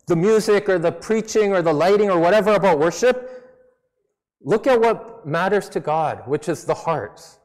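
In a church hall with a long reverb, a pastor with a high, darkish voice preaches a sermon. His manner is conversational and self-deprecating, and his English has a slight non-native accent.

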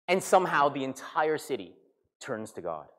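A man, a pastor, preaching a sermon with animated storytelling and acted-out voices. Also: mid-range voice, moderate pace. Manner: animated storytelling, acting out characters.

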